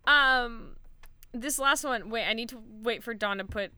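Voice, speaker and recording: A woman's voice: fairly high pitch, a little slow, bright, forceful tone, clean tone, dry recording. A young woman hosting a podcast, chatting playfully, swearing often and reading a news story aloud. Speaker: podcast host. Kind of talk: casual podcast chat.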